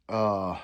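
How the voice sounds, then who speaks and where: A middle-aged man who is sick, hosting a casual livestream and reading viewer comments aloud with laughs and sarcastic asides. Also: a bit bright. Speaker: livestream host reading chat.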